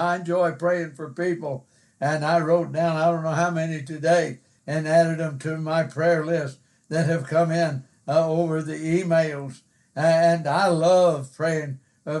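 An older man preaching a sermon, slow and emphatic, repeating words and pausing on fillers. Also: a little high, darkish tone.

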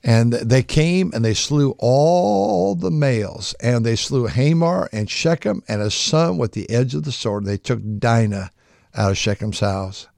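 An older man, a pastor, preaching a folksy sermon with frequent restarts, acting out quoted voices in a higher pitch. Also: expressive, measured pace, vocal fry, darkish tone, no room sound, clean studio sound.

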